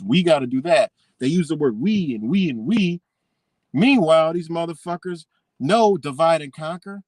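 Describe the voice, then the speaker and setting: A man's voice: on the high side, dry recording. A man hosting a live stream, ranting in a heated, rambling way with a lot of profanity. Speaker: livestream host. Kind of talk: unscripted live-stream rant.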